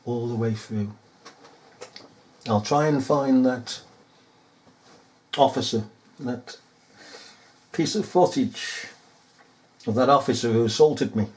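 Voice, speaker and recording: A man's voice: mid-range voice, slow, pauses often, a little mellow. A man ranting in a rambling monologue, mocking and chuckling as he talks.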